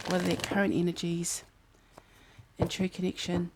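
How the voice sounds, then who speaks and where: A woman's voice: fairly low pitch, monotone, moderate pace, heavy background noise. Chatty New woman reading tarot. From New Zealand. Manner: chatty, musing aloud, breaks into snatches of song. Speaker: tarot card reader. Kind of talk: casual tarot reading to camera. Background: fan humming in the background.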